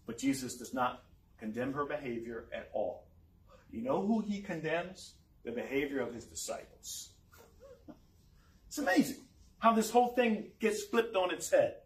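A man with a fairly high voice preaches with energy, firing rhetorical questions at his listeners and chuckling now and then. His voice rings through a roomy church hall. He stands some way back from the mic. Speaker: pastor. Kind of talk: sermon. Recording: roomy echo, mic far off.

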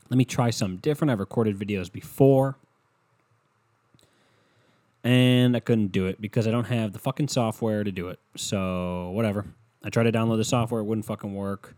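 A young man hosts his own podcast from home, talking into a headset in a rambling solo rant full of casual swearing and self-mocking humor. His voice sits at a medium pitch with a darkish tone, and the recording is dry.

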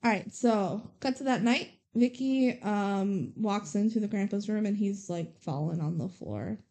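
A woman's voice: medium pitch, measured pace, mellow. A woman co-hosting a podcast, casually recapping a movie scene by scene in a chatty, storytelling way. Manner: chatty, storytelling, heavy use of "like". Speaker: podcast co-host.

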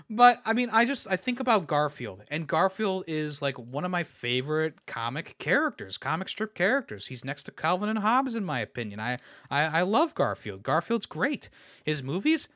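Rambling man with a bright, forward voice. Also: a little high, very animated, normal speed, no room sound, clean studio sound. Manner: rambling, repeats words, laughs at his own jokes. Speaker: podcast host. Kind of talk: casual opinion rant.

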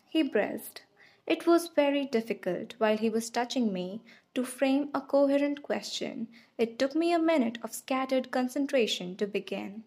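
A woman narrating an audiobook in the first person, reading in a slow, hushed, intimate way. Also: sits high.

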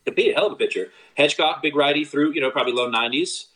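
Captured on a low-quality recording, a former college catcher, now a young man swapping stories in relaxed conversation, talks at a racing speed. He performs the quoted lines with dramatic leaps in his voice.

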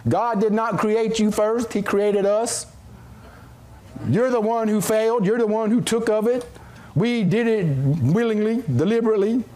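A man's voice: high-pitched, steady tone, normal speed, a little mellow. A middle-aged male pastor, preaching a folksy, joking sermon with scripture reading and prayer. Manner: folksy, joking, calls out amen to the congregation.

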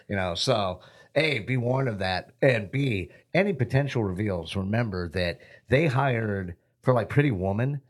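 A middle-aged man co-hosting a casual podcast chat, telling rambling, profane stories and laughing often. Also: sits low. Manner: profane, rambling storyteller who laughs a lot. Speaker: podcast co-host.

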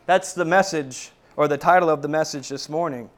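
A man's voice: fairly high pitch, a little fast, few pauses. A man preaching a sermon to his church, addressing the congregation as brethren and often repeating words as he restarts his sentences. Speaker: pastor. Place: church service.

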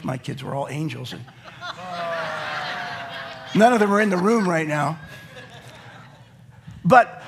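A middle-aged man preaching a sermon to a live congregation in a church, telling jokes and acting out little scenes as he goes. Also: high voice. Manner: lively, joking storyteller who acts out quotes. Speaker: pastor.

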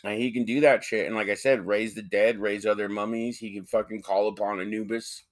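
A man's voice: lowish voice, steady tone, a little fast. A man co-hosting a podcast, arguing animatedly in casual, profanity-laced banter. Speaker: podcast co-host.

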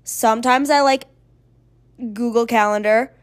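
A woman's voice: a little high, steady tone, unhurried. A woman in her twenties hosting a casual solo podcast, rambling freely with plenty of swearing and playfully sing-song, oddly stressed words. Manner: chatty and rambling, with frequent swearing. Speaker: podcast host.

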